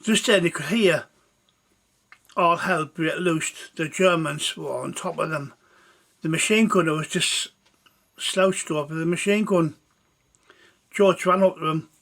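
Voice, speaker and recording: Slow high-voiced male storyteller. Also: creaky, a bit bright. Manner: slow, halting telling. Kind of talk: told war story.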